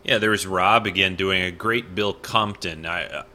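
A man's voice: low-pitched, steady tone, moderate pace, sharp tone. A man hosting a casual solo podcast from his apartment bedroom, rambling and goofy with lots of fillers. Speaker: podcast host.

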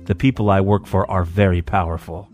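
Brief: man as a low, sarcastic space thug making threats, faint music behind. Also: flat delivery, brisk, darkish tone, close to an everyday voice. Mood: threatening. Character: intruding male alien repairman, menacing.

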